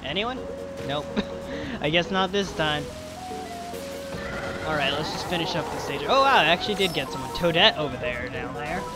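Excitable high-voiced young man gaming. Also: normal speed, pauses often. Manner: excitable, yelling at the game. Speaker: let's player. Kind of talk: gaming commentary. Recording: faint game music behind.

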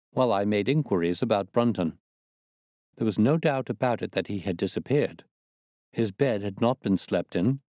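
A man reading a classic detective story aloud as a storyteller, measured and expressive. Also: on the low side, no echo, clean studio sound.

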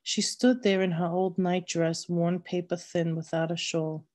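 A woman reading a novel aloud at a slow, measured storytelling pace. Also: on the low side, flat delivery, a little mellow. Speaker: reader.

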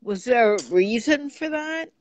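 A woman interviewing a guest, asking curious, gently probing questions. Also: on the high side, animated, unhurried.

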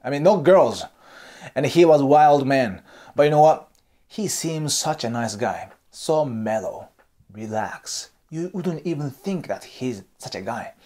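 Japanese man, Japanese accent, casual advice host, highly animated pitch, swears and laughs often. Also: measured pace. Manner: blunt, frequent swearing and laughter. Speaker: host giving dating advice. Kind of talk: casual monologue.

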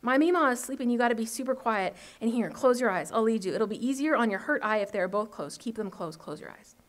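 A woman reading aloud and voicing an unsettlingly calm, bossy little girl who talks in a hushed, matter-of-fact way. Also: on the high side, fast, natural voice.

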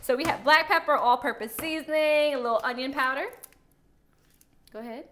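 In a high, pushed, bright voice and at a slightly fast clip, a young woman teaches her partner a recipe in her home kitchen. Her coaching is upbeat and teasing, and music plays in the background.

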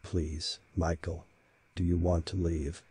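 A man's voice: low voice, level tone, slow, warm tone, breathy edge, exaggerated voice. A man voicing a frightened, stout older male museum curator with a thick, shaky voice, pleading in a horror story reading.

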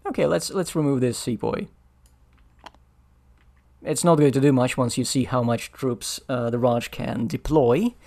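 A man's voice: medium pitch, unhurried, gravelly, long pauses, warm tone. A man playing a strategy board game on his own, thinking aloud and muttering over the rules as he decides his moves. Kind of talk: solo board game playthrough commentary.

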